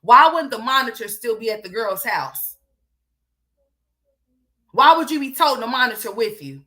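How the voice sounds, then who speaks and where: A woman's voice: a little high, expressive, normal speed, pushed and bright. Woman commentator ranting her opinions, blunt, profane, hammering questions. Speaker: online commentator.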